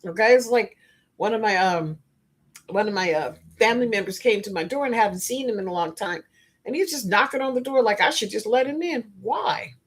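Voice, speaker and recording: A woman with a husky, slightly breathy voice hosts her own spiritual coaching podcast. She talks straight to her listeners, blunt and emphatic, slipping into stories and frank asides. Her pitch sits in a comfortable middle range. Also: expressive, a little fast. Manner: storytelling and preachy, addressing listeners directly. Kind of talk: motivational podcast monologue.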